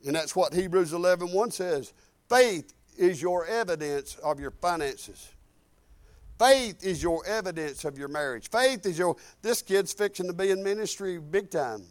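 Fervent older preacher. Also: male voice, high-pitched, lively intonation, normal speed, dry recording. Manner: rambling, fervent preaching with many restarts and hallelujahs. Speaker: pastor. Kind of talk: sermon.

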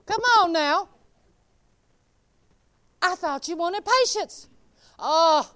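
Lively high-voiced woman preaching. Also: extremely slow, long pauses. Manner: folksy, animated, addresses congregation by name. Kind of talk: informal sermon.

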